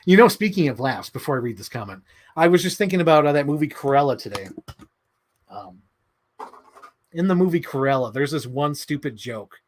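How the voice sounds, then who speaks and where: A young man hosting a casual livestream, excitable and quick to laugh, swearing as he talks about movies. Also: fairly high pitch, slight background noise. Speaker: livestream host.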